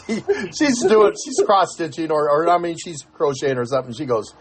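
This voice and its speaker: An older man chatting in an interview, telling a story in loose, rambling sentences full of restarts and playing every voice in it. His voice sits somewhat high for a man. Faint music plays underneath. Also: sing-song, a little fast, husky. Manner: rambling storyteller with many restarts, acts out dialogue. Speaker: podcast co-host. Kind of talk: casual interview chat.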